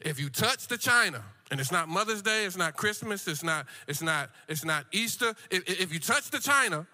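High, bright-voiced man preaching a sermon. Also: expressive, normal speed, hardly any pauses. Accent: African American church preaching. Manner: sing-song preaching cadence, rising and falling, with stammered repeats; calls out to the congregation. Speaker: guest preacher.

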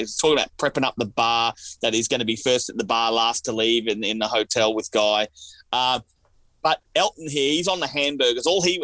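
A man's voice: mid-range voice, sharp tone, dry recording. An Australian man co-hosting a casual podcast, easygoing and laid-back, often repeating words as he talks. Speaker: podcast co-host. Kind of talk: casual chat.

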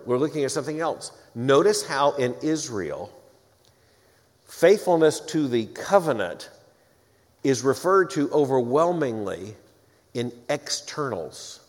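A man preaching an expository sermon, reading scripture aloud and breaking off for emphatic, wry asides. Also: mid-range voice. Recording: long hall reverb.

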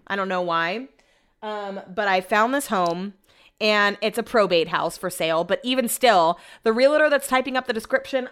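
A woman's voice: mid-range voice, fairly bright tone. A young woman hosting a podcast, telling everyday stories in a casual, rambling way with frequent laughs. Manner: chatty, rambling, quick to laugh. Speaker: podcast host. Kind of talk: casual solo chat.

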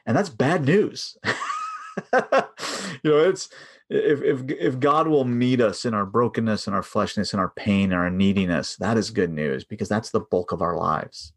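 A man talking casually on a podcast about his book, lively and often laughing as he acts out little prayers. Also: fairly low pitch, moderate pace, slightly rough. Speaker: author and guest.

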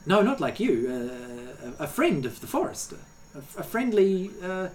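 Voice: mid-range voice, big pitch swings, crowd noise, voice pushed up. A game master doing a cheeky, wary forest bird. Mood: halting. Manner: chirpy, halting, teasing. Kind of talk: voicing a creature in a tabletop game.

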